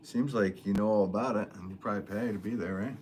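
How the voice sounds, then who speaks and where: A man's voice: lowish voice, steady tone, fast, background noise. A man hosting a casual live stream as a potter, chatting and joking as he answers viewer comments with a laugh.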